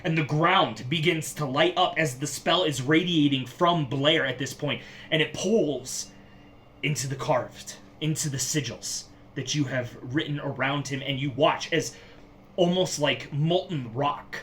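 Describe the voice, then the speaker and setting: A man narrating a tabletop game as game master, describing scenes slowly and vividly. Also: fairly high pitch, a bit bright, a little hiss or hum.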